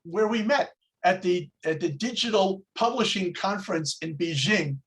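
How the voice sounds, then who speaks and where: A man's voice: high voice, a bit bright. A man teaching a religious class over a video call, telling jokes and asking rhetorical questions. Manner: slow, storytelling, rhetorical questions.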